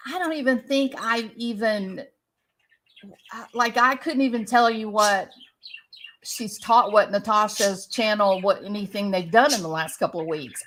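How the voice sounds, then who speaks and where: A woman's voice: fairly high pitch, bright, forceful tone, slight background noise. A woman commentator giving a defensive, ranting monologue to her viewers, often repeating herself. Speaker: online commentator.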